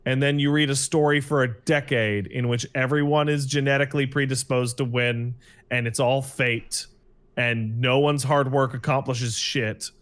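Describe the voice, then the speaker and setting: Brief: podcast co-host, man, mid-pitch voice, blunt and sardonic. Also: fairly even intonation, normal speed, fairly bright tone. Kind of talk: casual podcast chat.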